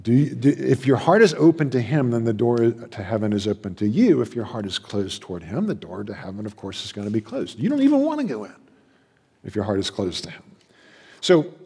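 A man preaching a sermon as a pastor, passionate, swinging between loud emphasis and hushed asides. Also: lowish voice, lively intonation, brisk, gravelly, slightly rough. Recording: long hall reverb.

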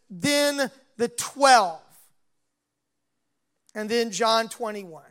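A male preacher delivering a sermon at an unhurried, deliberate pace. His voice is smooth and clear, and he slips into the lines of the story's speakers as he retells it. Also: extremely high pitch, fairly bright tone.

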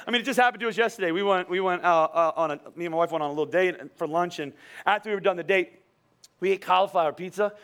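A man's voice: high-pitched, quick pace, a bit bright, clean tone. A pastor giving a casual, conversational sermon, joking, laughing often and repeating words as he talks.

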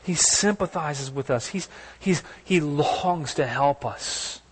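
A man's voice: on the high side, slow pace, in a large hall, slight background noise. A man preaching a sermon in an earnest, conversational way, asking his listeners questions as he goes. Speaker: pastor.

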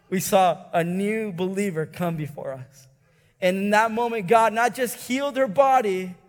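A man with a high voice preaching in a church hall, telling a story with his feelings running high. He swings from hushed, tender lows to loud, stirred peaks and stumbles over repeated words. His voice carries a long reverb through the room. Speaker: pastor. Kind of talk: sermon.

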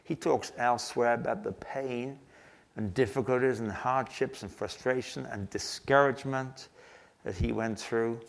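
An older man preaching a sermon, telling a story earnestly and slowing down to stress key phrases. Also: mid-range voice, fairly even intonation, creaky. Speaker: pastor.

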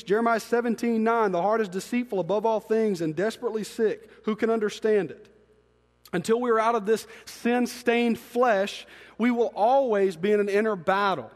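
A man's voice: high-pitched, moderate pace. A man preaching a sermon as pastor, reading scripture with joking asides. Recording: long hall reverb.

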